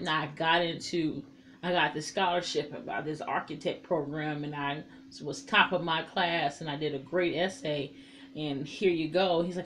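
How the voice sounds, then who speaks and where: Woman reviewer, low-pitched, casual and profane, faint ambience. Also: a little hiss or hum. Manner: candid and profane, paraphrases scenes with quoted lines. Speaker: TV show reviewer.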